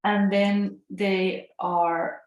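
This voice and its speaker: A chatty Finnish woman muses her way through a casual tarot reading, laughing often. Her Finnish accent has an Italian lilt, and her medium-pitched voice stays level, drawing out words as echo rings through the room.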